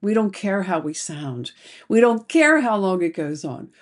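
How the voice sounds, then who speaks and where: A middle-aged woman therapist speaking slowly and deliberately, telling emotional personal stories in a reflective talk to camera. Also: medium pitch, sing-song. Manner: slow, deliberate, emotional storytelling.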